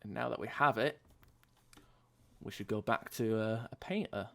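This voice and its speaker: Casual gaming commentary comes from a young man whose voice sits on the low side with vocal fry, at a normal pace. He swears without restraint, keeps things chatty, and reads in-game item text aloud.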